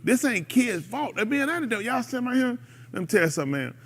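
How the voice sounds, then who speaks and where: A man in his thirties hosts a show, lecturing a gathered group in a loose, preaching way. His voice sits high and swings widely in pitch from low asides to sharp peaks. He exhorts his listeners with lots of energy. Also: fast talker, breathy edge. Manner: animated, exhorting, breaks into laughter and mimicry. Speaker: radio show host. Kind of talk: casual preaching talk to a live group.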